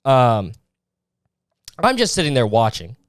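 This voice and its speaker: A man's voice: medium pitch, huge pitch swings, slow pace, dry recording, studio quality. A young man hosting a solo podcast, ranting in an exasperated, profane way about other people's habits. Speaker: podcast host.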